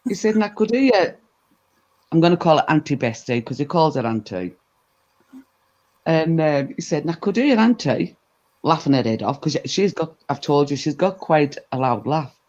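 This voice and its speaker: A woman telling a gossipy anecdote in a casual chat, animated and full of asides. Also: deep voice, moderate pace. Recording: dull lo-fi recording.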